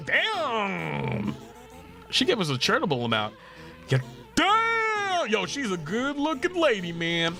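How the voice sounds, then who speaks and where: Jokey young man streaming a game. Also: a little high. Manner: jokey, laughs often, swears. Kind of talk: casual gameplay livestream chat. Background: game music.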